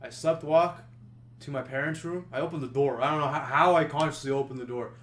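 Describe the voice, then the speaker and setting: A man's voice: medium pitch, fairly even intonation, a little fast, a bit bright. A young man casually telling a story to friends on a podcast, full of fillers and restarts. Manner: rambling, many fillers and restarts. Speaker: podcast host.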